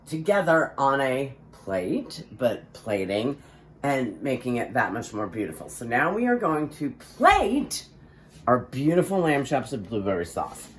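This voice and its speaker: Older woman, cooking host, very deep voice, lively swooping delivery, playful boasts. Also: unhurried. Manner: playful, theatrical, self-mocking boasts. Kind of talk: casual cooking demonstration. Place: home kitchen.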